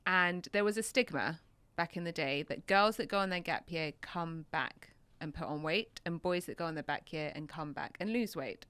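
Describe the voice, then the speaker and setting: English woman, slightly low voice, chatty and teasing on a podcast, dry mic. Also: normal speed, a bit bright, clear, resonant tone, dry recording. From England. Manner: chatty, teasing, laughs easily. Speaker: podcast co-host, personal trainer. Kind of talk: casual chat.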